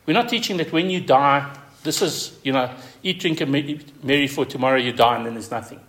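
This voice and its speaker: A man preaching a sermon as pastor, stressing key words with repetition and rising to high emphatic peaks. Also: brisk, a bit bright.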